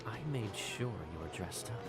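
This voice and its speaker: A man voicing a devoted underworld lord in a game, talking in a calm, protective and measured way. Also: lowish voice, close to an everyday voice. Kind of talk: game voice acting. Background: game music.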